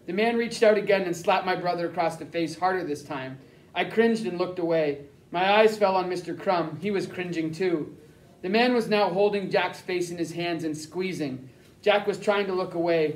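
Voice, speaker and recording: A man reading a first-person novel aloud as an audiobook narrator, with plain, steady storytelling. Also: high voice, normal speed, distant mic, rough recording.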